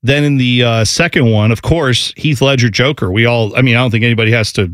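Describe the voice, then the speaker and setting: A man chatting casually on a podcast, telling rambling, animated stories. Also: medium pitch, fast, no echo, studio quality. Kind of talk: casual chat.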